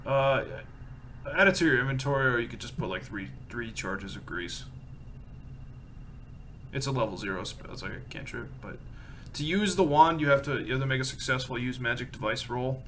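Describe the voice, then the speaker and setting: A man's voice: medium pitch, animated, a little fast, fairly bright tone, slight background noise. A man running a tabletop game as game master, narrating in a loose, casual, descriptive way.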